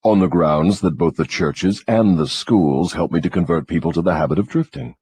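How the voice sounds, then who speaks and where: Man playing a low-voiced devil, husky, gloating, cunning, dry close sound. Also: expressive, normal speed, darkish tone, dry recording, exaggerated voice. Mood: mocking. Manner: mocking, gloating, lecturing. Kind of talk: audiobook dramatization.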